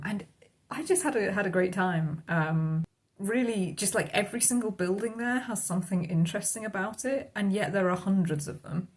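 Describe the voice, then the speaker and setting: A woman narrating her own travel vlog in a casual, rambling way, often laughing. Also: fairly low pitch. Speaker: travel vlogger.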